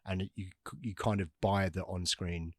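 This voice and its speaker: A man's voice: sits low, steady tone, moderate pace, no room sound. A man co-hosting a film podcast, talking casually with frequent restarts and dry humour. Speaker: podcast co-host. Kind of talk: casual film-discussion chat.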